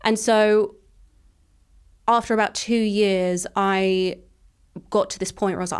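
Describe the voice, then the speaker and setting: A woman in her thirties from England, telling her personal story as an interview guest in a frank, rapid way, full of "like" fillers. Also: medium pitch, steady tone, clean tone.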